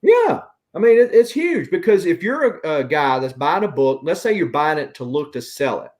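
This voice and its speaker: Southern male host, opinionated and chatty, slightly high-pitched. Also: very animated, normal speed, darkish tone. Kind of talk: casual chat.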